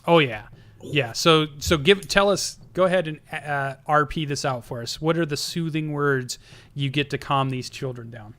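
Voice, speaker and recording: A man's voice: fairly high pitch, normal speed, a bit bright. A man narrating as game master, easygoing and prompting players with questions.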